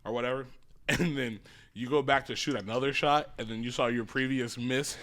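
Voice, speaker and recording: A young man co-hosting a podcast, chatting in a relaxed, joking way full of slang. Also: mid-range voice, moderate pace. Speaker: podcast co-host. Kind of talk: casual chat.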